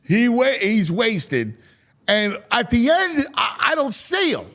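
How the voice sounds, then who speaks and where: A man hosting a sports talk show, telling stories in an excitable way, his voice climbing high when he gets worked up. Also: slow pace. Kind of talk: animated podcast chat.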